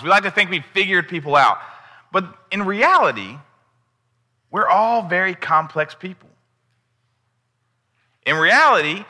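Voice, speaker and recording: A man's voice: a little high, sharp tone, big-room sound. A man giving a candid, conversational sermon in a church. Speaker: preacher. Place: church sanctuary.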